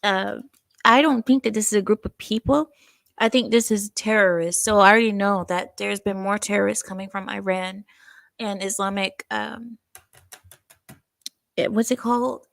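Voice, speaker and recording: Gravelly-voiced woman co-hosting a talk stream. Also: mid-range voice, fairly even intonation, moderate pace, a bit bright, no echo. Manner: conversational, reads viewer comments aloud, searches for words. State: a little out of breath. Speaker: co-host of a political talk stream. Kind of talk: casual political discussion.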